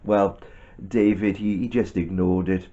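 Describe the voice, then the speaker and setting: A man telling a Bible story to a child in a gentle, animated way with chatty asides. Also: low-pitched, unhurried, highs cut off.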